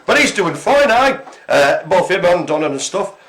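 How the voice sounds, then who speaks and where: Man, bright tense voice, fairly high, chatty jokey host banter. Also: very animated, moderate pace. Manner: chatty, jokey storytelling with fillers. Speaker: co-host of a live care-centre broadcast. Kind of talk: casual chat.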